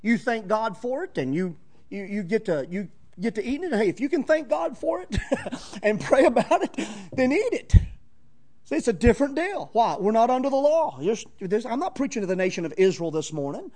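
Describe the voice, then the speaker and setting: Preaching a sermon in an extremely high, very animated voice with a darkish tone and normal speed, a man speaks emphatically and folksily. He repeats key phrases and makes conversational asides straight to the congregation.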